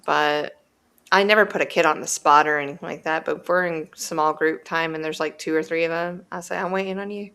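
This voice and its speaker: Woman, teacher, deep voice, gravelly, patient and earnest. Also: fairly even intonation, a little fast, fairly bright tone. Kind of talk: casual chat.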